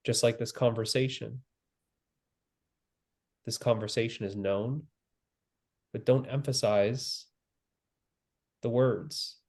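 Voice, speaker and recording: A man giving a spiritual teaching, speaking calmly and slowly with long pauses and repeated phrases. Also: mid-range voice. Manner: calm, slow and repetitive, with long pauses. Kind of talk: slow guided spiritual teaching.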